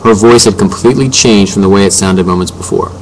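A man narrating a first-person story as an audiobook reader, in plain, steady tones. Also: on the low side, fast, a little hiss or hum, low-quality recording.

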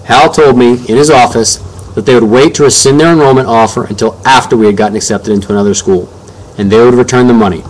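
A man voicing a middle-aged father who explains things calmly, like a lawyer. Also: medium pitch, lightly acted, rough recording. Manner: measured, lawyerly.

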